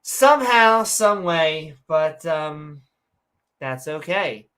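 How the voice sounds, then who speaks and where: Slow, rambling woman podcast host. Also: low-pitched, lively intonation, a bit bright, clean tone. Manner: rambling, lots of fillers and self-corrections; sarcastic, joking. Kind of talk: casual podcast chat reading out viewer comments.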